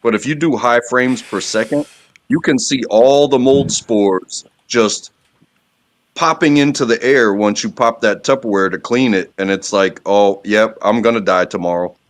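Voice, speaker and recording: A man's voice: medium pitch, a little slow. A married man on a panel chat who tells rambling, funny anecdotes full of fillers. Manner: rambling storyteller with dry jokes. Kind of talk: casual chat.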